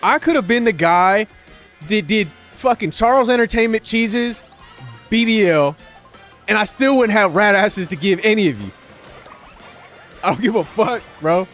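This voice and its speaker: A man's voice: sits high, expressive, measured pace, long pauses, fairly bright tone, faint music behind. A man streaming live while gaming, talking to his chat in a profane, sarcastic, rambling way.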